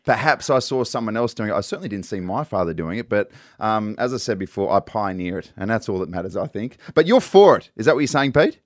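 A man's voice: fairly low pitch, very animated, fast, few pauses, no room sound, studio quality. A man in his thirties with an Australian accent, co-hosting breakfast radio in a cheeky, playfully stubborn way. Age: 30s. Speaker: radio co-host. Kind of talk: casual breakfast radio banter. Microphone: studio microphone.

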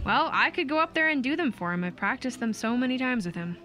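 Casting: woman as a gossipy small-town mom, bright and sharp voice. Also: sits high, very animated, fast, faint music behind, exaggerated voice. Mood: chatty. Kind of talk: audio drama acting.

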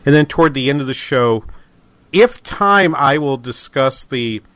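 A middle-aged man hosts his talk radio show with a loose, rambling delivery. He stumbles through ums and uhs and often restarts his sentences. His voice sits in an ordinary middle pitch. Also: expressive, unhurried, a bit bright, dry recording. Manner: rambling, many fillers and restarts. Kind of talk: casual talk radio monologue.

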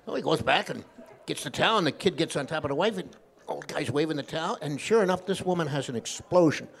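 A fairly high-voiced man spinning a joke and show-business stories for a live audience. He tells it with animation and keeps sliding into little voices for the characters. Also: quick pace, vocal fry, breathy edge. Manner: animated storyteller who slips into voices. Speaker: guest actor.

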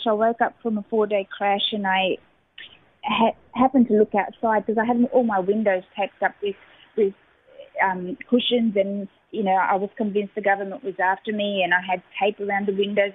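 A woman, a radio guest giving an emotional personal testimony, halting and full of fillers. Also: mid-range voice. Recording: phone-line audio.

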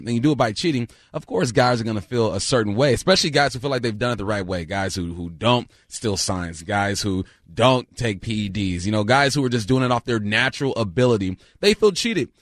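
A man's voice: mid-range voice, animated, fairly quick, hardly any pauses, no room sound, studio quality. A male co-host giving blunt takes in casual sports talk, leaning on stock phrases. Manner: blunt, repeats himself.

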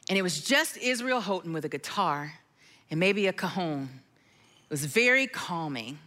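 A middle-aged woman sharing a personal testimony in a sermon, telling her story and dropping to a hushed, near-sung tone at times. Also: lowish voice, lively intonation, normal speed. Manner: storytelling, drops to a hushed tone, sings lyric lines softly. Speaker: speaker at a church gathering.

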